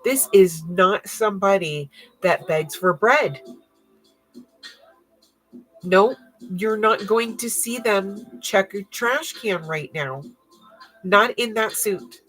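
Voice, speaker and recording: A woman's voice: mid-range voice, animated, takes it slowly, long pauses, fairly bright tone, soft background music, low-quality recording. A woman giving a casual tarot reading in a blunt, profane, slangy way, often laughing. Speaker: tarot card reader.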